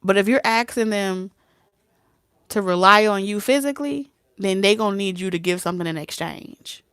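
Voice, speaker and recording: A woman's voice: medium pitch, moderate pace, clean tone, no echo. Blunt, streetwise woman tarot reader. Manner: blunt, streetwise, playfully acts out both sides; laughs often and slips into soft whispers. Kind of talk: casual talk to camera.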